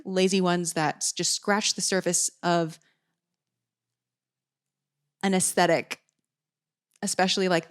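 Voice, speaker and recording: Hesitant, thoughtful woman podcaster, lowish voice. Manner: thoughtful, hesitant, many restarts and qualifiers. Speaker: podcast host. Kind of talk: reflective solo commentary.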